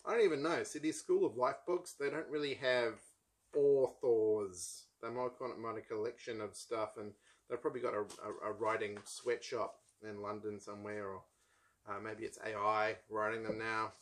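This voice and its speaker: A man's voice: lowish voice, fairly even intonation, normal speed. A man from New Zealand with a New Zealand accent, hosting a casual book chat in a rambling, wry way, full of ums and asides. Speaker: book channel host.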